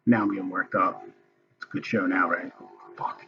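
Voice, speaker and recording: A man's voice: deep voice, fairly even intonation, normal speed, muffled recording, music in the background. A man ranting casually and angrily about a hearing he is watching, swearing often. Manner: profane, angry ranting. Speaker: political commentator. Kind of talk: casual recorded commentary.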